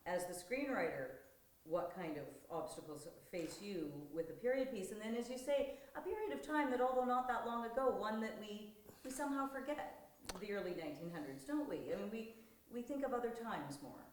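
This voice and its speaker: A woman's voice: a little high, lively intonation, a little fast. Female interviewer, chatty rambling questions, far off-mic in a very echoey room.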